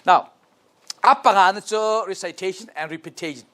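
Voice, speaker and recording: A man's voice: sits high, normal speed, bright, forceful tone. A man with a Mizo accent, a pastor leading a teacher training, asking questions and having the group repeat and clap. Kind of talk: interactive workshop teaching. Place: church classroom.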